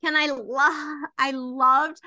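Animated high-voiced woman co-host. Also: slow, no echo, studio quality. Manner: animated, does mock voices for quotes. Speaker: podcast co-host. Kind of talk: casual movie review chat.

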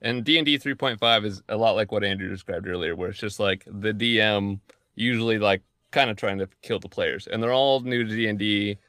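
A man's voice: fairly low pitch, a little fast, bright, forceful tone, dry recording, studio quality. A man co-hosting a podcast, chatting easygoing and casual. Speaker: podcast co-host. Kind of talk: casual chat.

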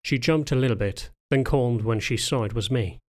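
A man reading a novel aloud as a first-person audiobook narrator, in a calm, measured way. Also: medium pitch.

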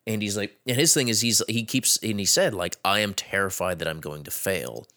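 Low male voice, casual co-host, halting with restarts. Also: sharp tone. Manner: halting, many restarts and ums. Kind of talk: casual chat.

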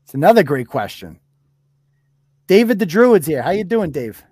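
A blunt, foul-mouthed male host chatting on a livestream, laughing often. His voice sits high. The sound is dry and close with no room echo. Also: sing-song, warm tone, breathy edge. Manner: blunt, profane, quick to laugh. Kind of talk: casual livestream chat.

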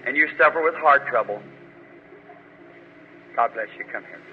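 A man's voice: medium pitch, moderate pace, a little hiss or hum. A man preaching at a faith healing service, praying fervently and commanding with force. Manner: fervent, commanding when rebuking. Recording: muffled old recording in a reverberant hall.

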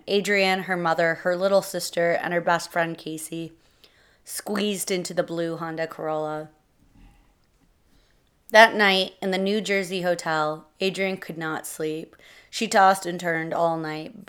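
Low-voiced woman reading a story. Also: clean tone. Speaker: narrator. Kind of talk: storytelling read-aloud.

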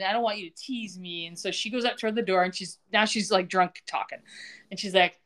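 A woman's voice: medium pitch, a little fast. A woman co-hosting a casual podcast, recapping a TV soap and acting out the characters' lines with laughter. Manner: animated, acts out quoted lines with laughs.

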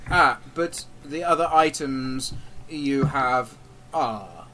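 A man playing a stern male interrogator who speaks slowly and formally, with quiet menace. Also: medium pitch, a little hiss or hum. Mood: menacing. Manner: slow, measured, formal menace.

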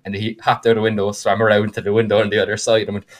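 A man with a fairly low voice tells a story from a tabletop game he ran. He talks casually and animatedly, full of fillers, and jumps up in pitch when excited. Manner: animated, with frequent fillers and quick bursts of higher pitch. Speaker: podcast co-host and game master.

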